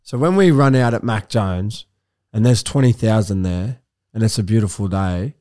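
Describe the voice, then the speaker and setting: A man's voice: on the low side, normal speed, a little mellow. An Australian man, a footballer guest, chatting casually and easygoing, often saying mate. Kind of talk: casual chat.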